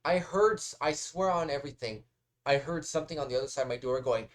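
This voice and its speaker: Male reaction host, chatty and rambling, casual swearing, medium pitch. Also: quick pace.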